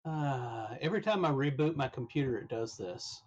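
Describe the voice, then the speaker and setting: A man's voice: mid-range voice, animated, moderate pace, a little mellow, lo-fi sound. Man streaming a game, voice cracking. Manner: muttering, troubleshooting aloud, mildly exasperated. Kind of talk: casual live-stream chat.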